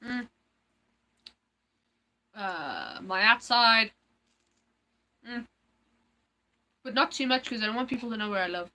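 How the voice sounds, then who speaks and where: A woman's voice: fairly high pitch, very animated, slow, long pauses, sharp tone. A young woman hosting a livestream, chatting casually and thinking aloud with lots of fillers. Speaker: livestream host.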